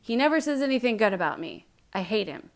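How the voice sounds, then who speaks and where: A woman's voice: a little high, big pitch swings. A woman voicing a petulant, impatient male king of old. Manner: whiny, rushed.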